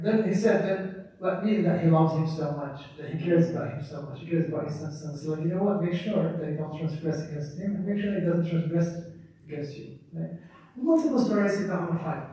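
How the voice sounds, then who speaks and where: A man's voice: a little high, darkish tone. A man teaching a religious class, repeating points and often checking with "right?". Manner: repetitive, keeps asking "right?". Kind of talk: classroom lecture. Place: mosque hall. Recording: echoey room, distant mic.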